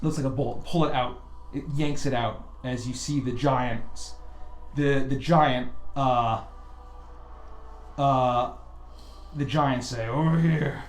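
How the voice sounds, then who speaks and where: Slow, hesitant man narrating as game master. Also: mid-range voice, steady tone. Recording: roomy sound with faint music.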